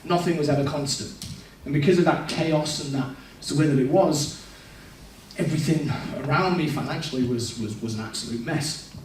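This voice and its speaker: A man's voice: a little high, fairly quick, a little hiss or hum. Man telling his story in an echoey hall. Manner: candid, storytelling, quotes his past self. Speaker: speaker giving a testimony. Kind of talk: personal testimony in a church service. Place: large echoey church hall. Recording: echoey church hall, distant mic.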